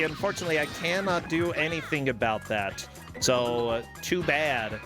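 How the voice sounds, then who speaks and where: A man's voice: fairly high pitch, normal speed. A man hosting a casual game stream, chatting along with playful, jokey asides. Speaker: show host. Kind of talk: casual joking stream chat. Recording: music playing behind.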